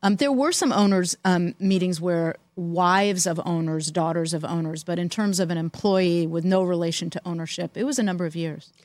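An older woman co-hosting a podcast, telling animated, giggly stories from her working years in casual chat. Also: lowish voice, normal speed, hardly any pauses, dry recording. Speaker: podcast co-host.

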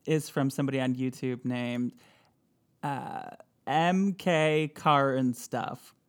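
A man's voice: medium pitch, steady tone, slow, clear, resonant tone. A man co-hosting a casual podcast chat, playful and laughing often. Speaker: podcast co-host.

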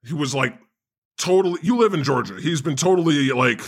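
A man hosting a comedy podcast, excitable, laughing often and swearing. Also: fairly high pitch, brisk. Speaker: podcast host.

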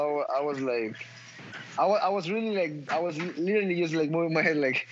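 Brisk and a little high-pitched, an MMA fighter's voice comes through a dull recording with obvious background noise. In this post-fight interview he talks forcefully, swears heavily, stumbles, and repeats himself.

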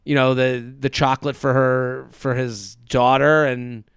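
Male podcast co-host, casual and animated, bright clear tone, dry close mic. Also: mid-range voice, a little slow, no echo. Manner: animated, acts out quotes in funny voices. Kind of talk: casual recap chat.

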